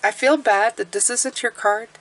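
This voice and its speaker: A woman's voice: fairly high pitch, normal speed, a bit bright, a little hiss or hum. A woman tarot reader hosting her channel, talking in a casual, rambling, chatty way. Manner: rambling, talkative, self-deprecating.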